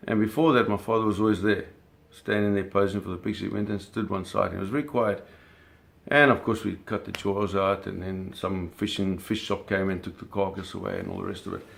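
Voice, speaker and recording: Gravelly low-voiced man telling a story. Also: fairly even intonation, a little fast, fairly bright tone. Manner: vivid, swears casually, acts out sounds and scenes. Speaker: storyteller recounting a personal experience. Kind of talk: casual spoken storytelling.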